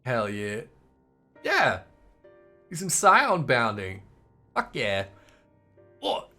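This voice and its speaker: A man's voice: medium pitch, wildly swooping pitch, takes it slowly, bright, forceful tone, faint music behind. A man giving casual, jokey commentary while playing a game, rambling and chatty. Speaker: gaming streamer. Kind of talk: casual let's-play commentary.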